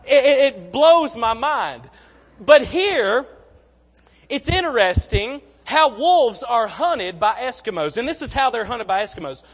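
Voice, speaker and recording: A man's voice: extremely high pitch, big pitch swings, a little slow, slightly rough. A young man preaching a sermon in a folksy, conversational way, often repeating his words as he tells stories. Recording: long reverb of a large hall.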